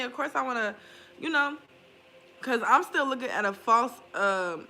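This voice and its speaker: A woman's voice: a little high, bright, forceful tone, a little hiss or hum. A young woman talking candidly in a casual vlog, swearing freely and laughing often. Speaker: spiritual vlogger. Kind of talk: casual confessional chat.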